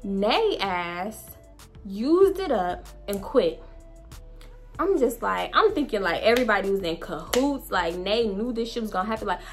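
A young woman vlogger telling a storytime tale in a blunt, profane, animated way, with faint music behind her. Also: mid-range voice, measured pace. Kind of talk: storytime vlog.

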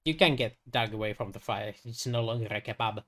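A man running a tabletop game as game master, narrating with hesitant pauses and fillers. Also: on the low side, bright, forceful tone.

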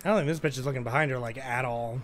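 A man's voice: medium pitch, very fast, a bit bright, slight background noise. A young man giving casual, profane commentary while playing a game live and talking to his viewers. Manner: casual and profane, frequent "dude". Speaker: gaming streamer.

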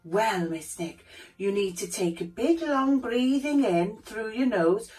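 A woman voicing a cheerful puppet who gently teaches children a calm breathing exercise step by step. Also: fairly high pitch, takes it slowly, far from the mic, faint music behind, poor audio. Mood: encouraging. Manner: gentle, encouraging, explains step by step.

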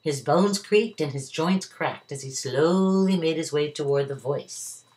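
An older woman, a retired teacher, reads a children's story aloud at home. Her voice is low-pitched and a little slow, and she reads warmly and expressively, the way one reads to children.

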